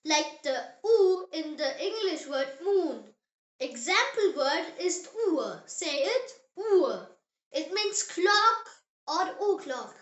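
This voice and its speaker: Very high-pitched child teaching slowly. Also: lively intonation, a bit bright, lo-fi sound. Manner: upbeat, encouraging, spells out sounds slowly. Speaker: language teacher, channel host. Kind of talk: scripted language lesson. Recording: roomy echo.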